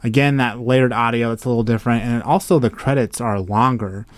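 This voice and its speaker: A man's voice: medium pitch, fairly quick, dry recording. A man co-hosting a collectors' podcast, chatting casually and easily with frequent fillers. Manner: easygoing, chatty, many fillers. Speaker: podcast co-host. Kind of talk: casual chat.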